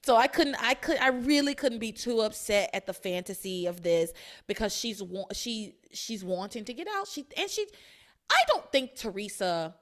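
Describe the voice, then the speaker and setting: A woman hosting a podcast, casually recapping a story and acting out characters' lines in a lively way. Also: a little high, normal speed. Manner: animated, acts out characters' lines in quoted voices. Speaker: podcast host.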